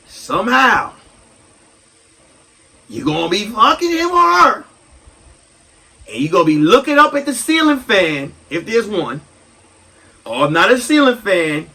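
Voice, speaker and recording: A man in his thirties hosting a solo comedy podcast, ranting loudly and animatedly and breaking into shouts. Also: high voice, a little slow, long pauses, far from the mic, rough recording. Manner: loud, animated, swings into shouting. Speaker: podcast host.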